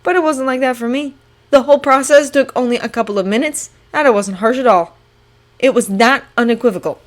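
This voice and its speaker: A woman's voice: on the high side, brisk, voice pushed up, natural voice. A woman doing a haughty young aristocrat wizard. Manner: sneering, clipped retorts. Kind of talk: fan audiobook reading.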